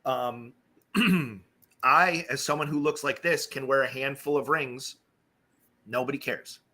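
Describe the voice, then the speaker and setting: Bright-voiced man telling animated stories. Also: medium pitch, a little slow. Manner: animated storytelling, acts out quoted voices. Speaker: streamer host. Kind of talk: casual live-stream chat.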